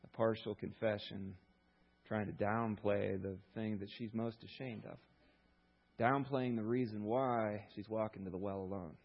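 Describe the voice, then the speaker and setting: A male pastor preaching a sermon, retelling a story in an animated way with rhetorical questions. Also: on the low side, a little slow, creaky, dull audio.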